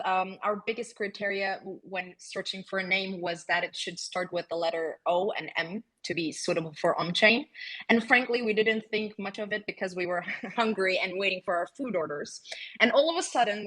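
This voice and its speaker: A woman guest on a talk show, her voice slightly husky and breathy. She answers at mid pitch, feeling her way through sentences with pauses and restarts. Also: a bit bright, low-quality recording. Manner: hesitant, with frequent "uh" and "um" and restarts. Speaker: guest, project team member. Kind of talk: interview answers.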